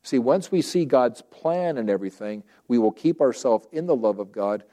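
A man's voice: mid-range voice, expressive, normal speed, warm tone. A man preaching a sermon in a conversational way, acting out quoted prayers and objections and often restarting phrases.

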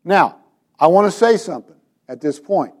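Man, high voice, sermon, preacher, acts out scripture, asks questions, church congregation. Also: expressive, moderate pace, darkish tone. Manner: dramatizes scripture with quoted voices.

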